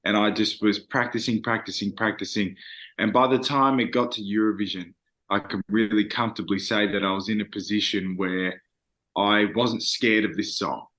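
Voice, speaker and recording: A man's voice: on the low side, steady tone, moderate pace, fairly bright tone. A young man, a singer, talking earnestly and reflectively in a casual interview, with frequent fillers.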